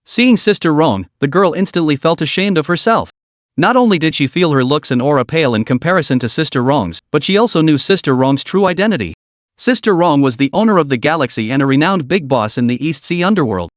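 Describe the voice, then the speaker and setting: A man narrating a story recap in a steady, even scripted delivery. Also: fairly high pitch, fast talker, no room sound, clean studio sound.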